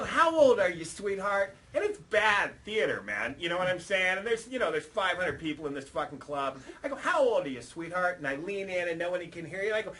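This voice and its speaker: A man's voice: high voice, bright, forceful tone, rough recording. A man, a punk band singer, telling a rowdy, profane story in an interview and acting out the voices in it. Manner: profane, rowdy storyteller who acts out quotes. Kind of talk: animated anecdote telling. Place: record label office.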